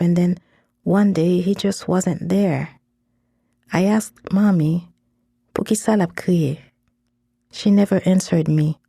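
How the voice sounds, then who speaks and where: A woman reading first-person fiction aloud in a measured, intense storytelling manner on a close studio mic. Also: on the low side, mellow, dry recording. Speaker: story narrator.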